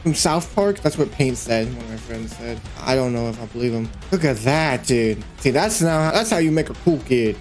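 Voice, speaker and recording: With soft music in the background, this 3D animator and creator narrates his session at a moderate pace, barely pausing. His medium-pitched voice is playful and easily excited, thinking aloud in a rambling, filler-heavy way.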